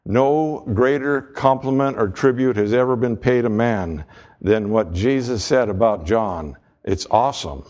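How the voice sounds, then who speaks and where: A male pastor preaching a sermon in a measured delivery, mixing scripture with folksy humor. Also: medium pitch, a little mellow, highs cut off.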